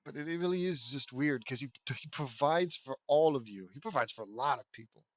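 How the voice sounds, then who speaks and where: A man's voice: mid-range voice, lively intonation, a little fast, no echo. A man reading fan fiction aloud and breaking off into sarcastic, rambling asides that question the story. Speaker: reader and commentator.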